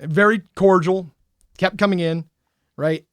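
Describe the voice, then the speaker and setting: A man's voice: high-pitched, steady tone, measured pace, clean tone, no room sound. A man co-hosting a podcast, telling a story in casual chat and acting out the quoted lines with animation. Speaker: podcast co-host.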